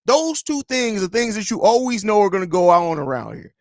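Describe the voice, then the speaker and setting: A man's voice: high voice, sing-song, fairly quick, a little mellow, no echo, studio quality. A man in his thirties hosting a live sports podcast, chatting loosely and telling jokey stories with swearing. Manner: loose, joking, storytelling with swearing. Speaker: podcast host. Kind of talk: casual live-stream chat.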